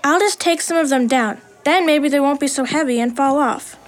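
A woman voicing a modest, helpful, soft-spoken schoolgirl in a children's audio drama. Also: high-pitched, normal speed, a little hiss or hum, natural voice.

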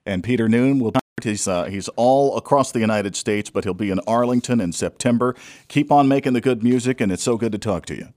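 A man hosting a radio interview, easygoing and quick to laugh along with his guest. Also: mid-range voice, darkish tone, dry recording, clean studio sound. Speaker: radio host.

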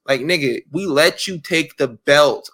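A man co-hosting a wrestling podcast in casual, animated chat, swearing freely and mocking people in quick impressions. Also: fairly high pitch. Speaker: podcast co-host.

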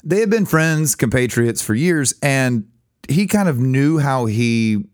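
A man co-hosting a podcast with a Southern US accent, telling the story in a lively, jokey way. His voice sits at an ordinary middle pitch. The sound is close and dry, with no room echo. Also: measured pace. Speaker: podcast co-host. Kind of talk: casual chat.

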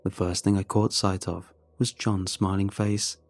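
A man reading a first-person horror story in a measured, steady way. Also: low voice.

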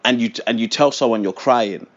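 A man's voice: mid-range voice, fairly quick. A young man talks through a point earnestly in casual chat, using plenty of slang. His voice sits mid-range, and the recording sounds dull and lo-fi.

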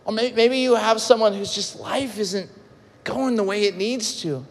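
A pastor preaching a sermon, telling a story and acting out its quotes with big swings between loud and soft. His voice sits fairly high for a man. The sound carries a long reverb from a large hall. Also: unhurried.

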